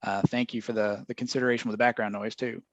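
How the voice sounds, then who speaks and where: A man's voice: on the low side, little pitch movement, fast talker, dry recording. A man, presenting a webinar in a casual, chatty way with lots of fillers and laughs. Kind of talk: casual chat. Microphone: video call microphone. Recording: dry, muffled video call audio.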